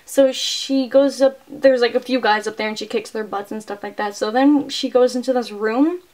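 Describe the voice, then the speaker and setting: Chatty young woman, slightly high voice. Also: normal speed. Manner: chatty and excitable, heavy use of "like" fillers. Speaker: movie reviewer. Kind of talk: casual retelling of a film plot.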